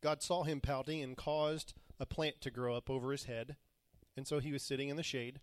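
A man's voice: mid-range voice, fairly even intonation, normal speed, no room sound. Guy giving a sermon, chatty retelling, dry close sound. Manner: retells scripture in plain modern talk, acting out quoted voices. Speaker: pastor.

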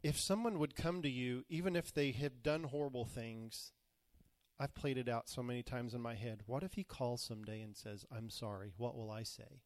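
A man's voice: medium pitch, moderate pace, no room sound. A man preaching a sermon, retelling scripture in plain, modern words and acting out the quoted voices. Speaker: pastor.

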